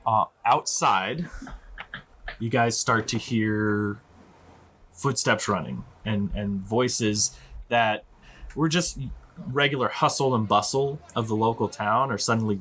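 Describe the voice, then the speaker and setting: Bright-voiced man running a tabletop game. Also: on the low side. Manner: casual, rambling with fillers. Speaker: game master.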